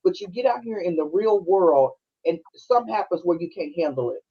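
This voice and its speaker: A woman's voice: on the low side, animated, fairly quick, husky, dull audio. A middle-aged woman, a podcast co-host, telling a personal story on a live stream in a conversational, heartfelt way. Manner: conversational, heartfelt, full of "you know" and "like".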